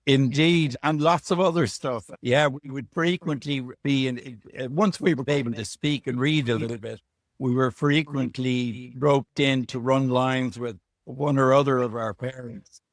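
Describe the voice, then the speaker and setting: Irish male author, mid-pitch, chatty storyteller, dry recording. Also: steady tone, normal speed, no echo. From Ireland. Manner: chatty, anecdotal, self-deprecating. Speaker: author guest. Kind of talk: relaxed storytelling interview. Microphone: video call.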